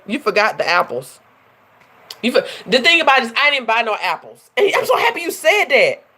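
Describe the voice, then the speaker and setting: A woman's voice: on the high side, sing-song, a little fast, sharp tone, breathy edge. A woman hosting a casual livestream, chatting with viewers, laughing often and calling them y'all. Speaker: life coach and livestream host.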